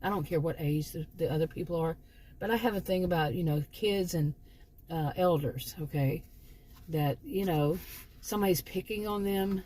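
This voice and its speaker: Husky, low-voiced woman telling a story. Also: moderate pace, warm tone. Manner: chatty, rambling, with frequent restarts. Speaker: channel host, former sociology teacher. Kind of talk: casual storytelling monologue.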